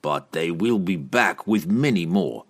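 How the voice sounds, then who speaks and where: A man voicing a grim, cunning male assassin in an audiobook, speaking in a low, measured way. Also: lively intonation, breathy edge, exaggerated voice.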